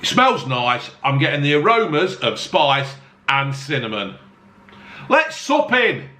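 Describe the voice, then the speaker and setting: A man's voice: fairly high pitch, big pitch swings, a little slow, sharp tone. A man swearing freely and mocking himself as he reviews a beer to camera. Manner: blunt, heavy swearing, jokey self-mocking asides. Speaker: beer-tasting vlogger. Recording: echoey room with faint ambience.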